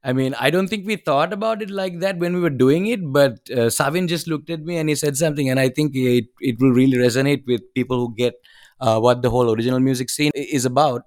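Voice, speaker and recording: A man, a band's vocalist, talking casually in a guest interview. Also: mid-range voice. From Sri Lanka. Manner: rambling, fast, with restarts. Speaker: band vocalist.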